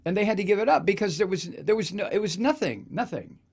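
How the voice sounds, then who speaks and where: A man's voice: high-pitched, animated, quick pace, gravelly, darkish tone, slightly rough. A man hosting a political talk show, delivering a sardonic, profane ranting monologue. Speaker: radio talk show host.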